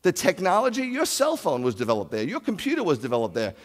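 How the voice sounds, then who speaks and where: A rabbi preaches to his congregation in a lively, rising and falling voice, full of rhetorical questions. He booms out scripture passages and sits a little high in pitch. The sound carries the long reverb of a big hall. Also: quick pace. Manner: animated, rhetorical questions, loud scripture reading. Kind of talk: sermon. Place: congregation sanctuary.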